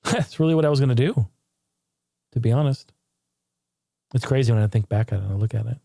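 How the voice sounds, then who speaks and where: A man speaks bluntly and profanely as he looks back on hard years, circling back and restarting his sentences. His voice is mellow and relaxed, and the recording is close and dry with no room sound. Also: mid-range voice, fast, gravelly, pauses often, dry recording. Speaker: channel host. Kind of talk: candid personal retrospective monologue. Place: home.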